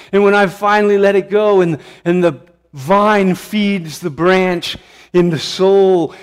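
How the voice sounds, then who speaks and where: A man preaching a sermon as pastor, impassioned, swelling to emphatic peaks and then dropping to a hush. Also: fairly high pitch, long reverb tail. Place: church sanctuary.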